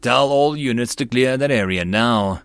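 A man's voice: mid-range voice, normal speed, a bit bright, clear, resonant tone, dry recording, lightly acted. A man voicing a decisive army major giving orders over the radio, in a slightly raised voice. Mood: commanding. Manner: barking orders. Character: commanding male army major, gruff and decisive.

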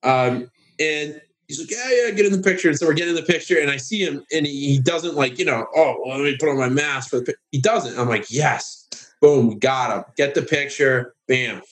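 A guest on a casual podcast, this man tells a long story at a moderate pace. He's sarcastic and animated, leaping into high voices to mimic the people involved.

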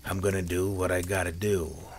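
A man's voice: deep voice, flat delivery, moderate pace, slight background noise, natural voice. A man voicing a smug, menacing crime boss with a taunting way of talking.

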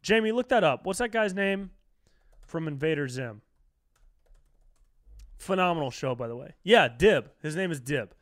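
A man's voice: a little high, moderate pace, pauses often, no echo, clean studio sound. A young man hosting a solo podcast, ranting in a loose, profane, comic way and leaning hard on words like dude and bro. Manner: profane, animated, slangy, says dude and bro a lot. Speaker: podcast host. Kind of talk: solo comedic rant.

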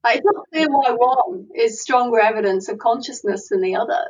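A woman talking through ideas in a lively academic discussion, often laughing and acting out imagined replies. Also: fairly high pitch, brisk, slightly rough, recorded from a distance, low-quality recording. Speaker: philosophy panelist.

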